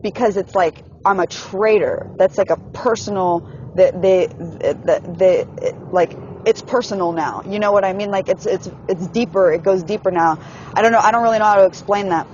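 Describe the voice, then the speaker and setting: A woman vlogger venting casually to camera from inside a car, in a frustrated, halting way and with swearing. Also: mid-range voice, darkish tone, lo-fi sound, a little hiss or hum.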